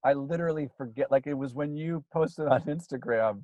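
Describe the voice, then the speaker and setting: A man telling a ghost story in a rambling, casual way, full of fillers, getting animated as it builds. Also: a little high, fairly quick, no room sound, lo-fi sound. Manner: rambling, filler-heavy, gets animated when excited. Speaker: guest storyteller.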